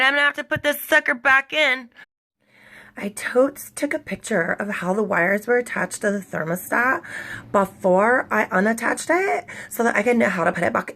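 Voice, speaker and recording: A woman's voice: medium pitch, vocal fry, pushed and bright. A woman chatting casually and jokingly to viewers as she repairs an appliance, talking folksy and loose while she works. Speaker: DIY vlogger. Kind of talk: casual how-to vlog.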